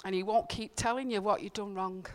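With a steady, medium-pitched voice and a brisk delivery, a woman preaches an informal sermon in church. Earnest and chatty, she recounts personal experiences and emphasizes her key points through repetition.

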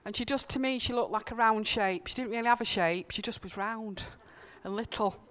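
Woman preacher, smooth clear tone, chatty earnest sermon in church, leans on repetition. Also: on the high side, fairly quick, fairly bright tone. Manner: earnest, conversational, emphatic repetitions. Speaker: church speaker. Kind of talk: informal sermon with personal stories.

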